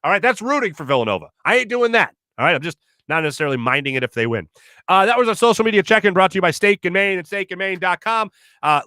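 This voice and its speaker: A man in his thirties hosting a sports talk show, rambling in an animated way and correcting himself as he goes. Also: on the high side, no echo, clean studio sound. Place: radio studio.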